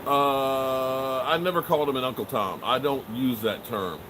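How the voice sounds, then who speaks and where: Joking sports host, noisy background. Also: male voice, medium pitch, moderate pace. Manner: joking, animated, swears and trails off often. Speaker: sports show host answering live chat. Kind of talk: casual live-stream chat.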